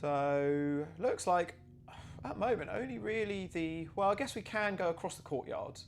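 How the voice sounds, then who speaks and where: A man with a high-pitched voice streams a game live at a moderate pace, with a slight hiss or hum in the audio. He chats while playing, thinks out loud, and reads viewers' chat messages and donations as part of his playthrough commentary.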